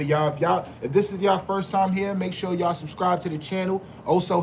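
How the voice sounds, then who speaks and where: A man's voice: a little high, slight background noise. A man hosting a casual live stream, hyped and slangy, greeting chat members by name and repeating his phrases. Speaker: livestream host.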